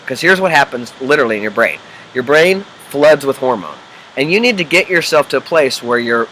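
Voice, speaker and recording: A man's voice: mid-range voice, sharp tone, a little hiss or hum, rough recording. A man from the Midwest coaching the viewer in a casual unedited video, checking in with the viewer and acting out voices in his examples. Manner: acts out quoted voices and inner chatter. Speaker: executive life coach.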